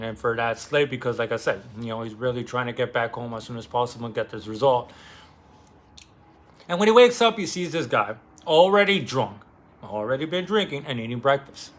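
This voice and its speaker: A man talking through a novel's plot in a casual vlog, loose and chatty, full of fillers and the odd curse. His voice sits at a middle pitch with a bright, forceful edge. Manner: loose and animated, many fillers and swearing. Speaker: book vlogger.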